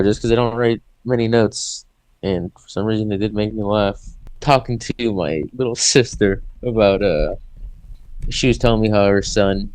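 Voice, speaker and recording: A man's voice: lowish voice, darkish tone. A young man co-hosting a podcast in crude, laid-back casual chat, laughing often. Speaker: podcast co-host.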